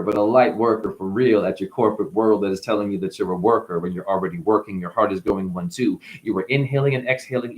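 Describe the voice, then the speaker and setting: A man giving a free-flowing spiritual monologue on his channel. He talks animatedly, calls the listener honey, and swings between loud bursts and whispers. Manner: animated, sudden jumps in pitch and loudness. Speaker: spiritual vlogger.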